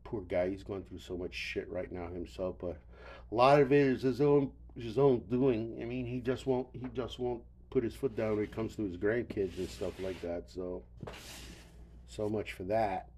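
A man's voice: low voice, normal speed, mellow, slight background noise. An older man hosting a solo podcast, rambling wearily with profanity and stammered restarts, tired and yawning. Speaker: podcast host.

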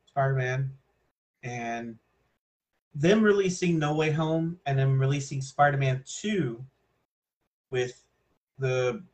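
Mid-pitched male co-host, casual, rambling, dry sarcasm. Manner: loose, rambling, sarcastic, many fillers. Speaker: podcast co-host. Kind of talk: casual chat.

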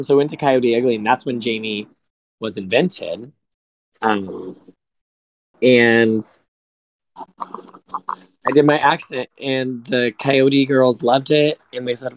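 A man co-hosts a casual podcast, wandering through a long anecdote with lots of laughter. His voice sits at an ordinary middle pitch. The recording is close and dry, with no room echo. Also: slow, long pauses. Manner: rambling storyteller, laughs a lot. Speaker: podcast co-host.

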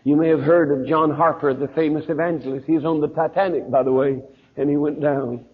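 A man's voice: on the high side, steady tone, a little fast. An older man with a Southern US accent preaching a sermon, telling stories and acting out the people in them. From Mississippi, USA. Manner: storytelling preacher acting out quoted dialogue. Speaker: pastor. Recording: tinny phone-like recording.

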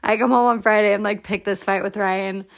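Young woman with a gravelly edge. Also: mid-range voice, a little fast. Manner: wry, sarcastic, animated storytelling. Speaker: podcast host. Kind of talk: casual conversation.

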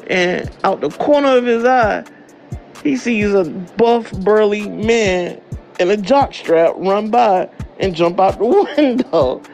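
A man's voice: high-pitched, lively intonation, takes it slowly, creaky, a little mellow, faint music behind. A man casually telling a crude comedic story as host, cursing and laughing at his own jokes. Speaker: commentary host.

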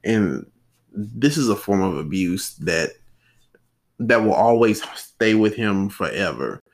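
A man's voice: lowish voice, takes it slowly. A man co-hosting a podcast, talking casually and animatedly, often acting out the people he talks about. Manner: animated, acts out quoted people. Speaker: podcast co-host.

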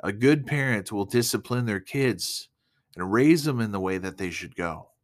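A man's voice: on the low side, expressive, normal speed. A young man giving a casual, earnest devotional talk to viewers, emotional at times and full of fillers. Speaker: Christian speaker.

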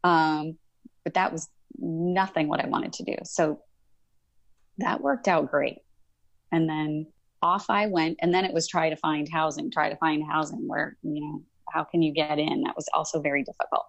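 A woman's voice: low-pitched, moderate pace, creaky, no echo. A middle-aged woman, a college instructor, telling her story in a casual interview and acting out past conversations. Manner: animated, acts out past dialogue in quoted voices.

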